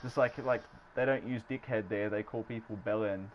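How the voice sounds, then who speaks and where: A man's voice: on the low side, fairly even intonation, moderate pace, highs cut off, a little hiss or hum. A man with an Australian accent chatting casually on a livestream, rambling, swearing freely and laughing often. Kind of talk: casual chat.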